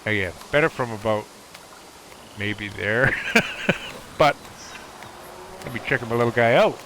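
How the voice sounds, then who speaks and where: A man venting on a live stream, exasperated and swearing freely as he comments on his game. His pitch sits in the middle of the male range. There's a clear hiss of background noise under his voice. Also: a little slow, bright, forceful tone, rough recording. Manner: exasperated, profane, talks over gameplay. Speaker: livestreamer. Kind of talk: ranting livestream monologue.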